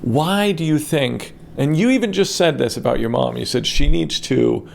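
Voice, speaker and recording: A man's voice: on the high side, lively intonation, moderate pace, gravelly, slight background noise. A man hosting a podcast and asking thoughtful, probing questions. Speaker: podcast host. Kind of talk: casual interview.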